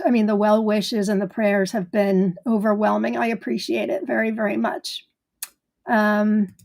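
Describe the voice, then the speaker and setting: A woman's voice: a little high, a little mellow. A woman hosting a live gardening stream in casual chat, greeting viewers by name in a chatty way.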